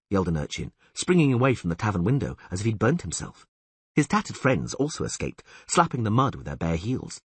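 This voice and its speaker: A man reading an audiobook aloud in a lively storytelling way, with a husky voice. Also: lowish voice, fairly quick, no room sound. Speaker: audiobook narrator. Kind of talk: scripted audiobook narration.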